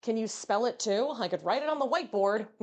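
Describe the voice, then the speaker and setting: A woman's voice: on the high side, animated, brisk. A woman VTuber streamer chatting casually with her viewers while cooking. She talks playfully and fills her sentences with "um" and "you know".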